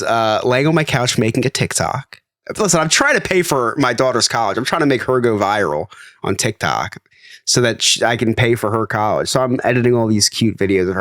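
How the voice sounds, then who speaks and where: A man's voice: on the low side, no echo, clean studio sound. Congested man telling a comic story. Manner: animated storyteller, laughs through his own story. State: a little congested. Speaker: podcast co-host. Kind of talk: casual storytelling chat.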